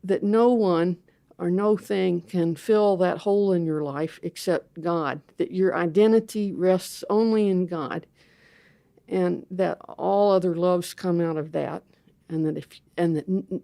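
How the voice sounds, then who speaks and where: A woman's voice: fairly low pitch, measured pace, gravelly, mellow, dry recording, clean studio sound. A woman voicing a group of old desert monks who patiently coax her, speaking kindly and persuasively. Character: gentle coaxing old desert monks, male.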